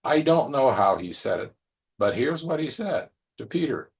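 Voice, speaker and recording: A man's voice: medium pitch, very animated, normal speed, gravelly. A man preaching a conversational sermon, musing aloud and repeating phrases as he reflects.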